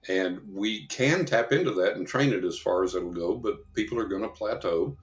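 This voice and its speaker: A man's voice: lowish voice, normal speed, echoey room. A man, a psychic investigator guest, telling rambling anecdotes in an interview and acting out the voices of people he quotes. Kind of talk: storytelling in a podcast interview.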